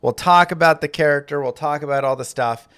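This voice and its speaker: A young man hosting a live stream, chatting excitedly about his game and thanking viewers. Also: a little high, brisk, clean tone. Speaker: streamer and host. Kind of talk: casual live gameplay commentary.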